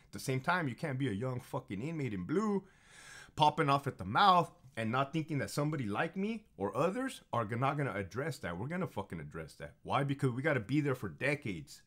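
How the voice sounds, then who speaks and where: A fired-up man in his thirties tells his stories in a blunt, profane monologue. He repeats phrases for emphasis. His pitch swings widely as he gets confrontational. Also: sing-song, brisk, fairly bright tone. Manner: heated and confrontational. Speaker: former prison officer telling stories. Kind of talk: casual monologue storytelling.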